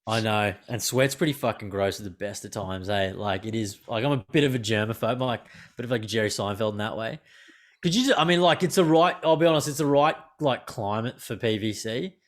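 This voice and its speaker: A man's voice: on the low side, a little fast. A man hosting a podcast on a remote call, rambling loosely with lots of "like" and free swearing. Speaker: podcast host. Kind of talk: casual podcast chat.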